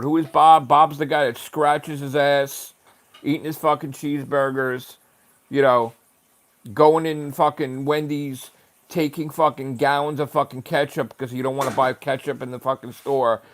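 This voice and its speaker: A man's voice: a little high, fairly bright tone. Man ranting angrily on a livestream. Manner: angry, profane ranting. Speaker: streamer. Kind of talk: livestream rant.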